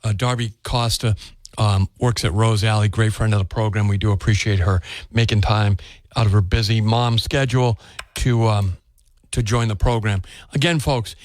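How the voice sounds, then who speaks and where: A man's voice: mid-range voice, dry recording. A man hosting a call-in radio talk show, chatting casually and often restarting words. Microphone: studio microphone.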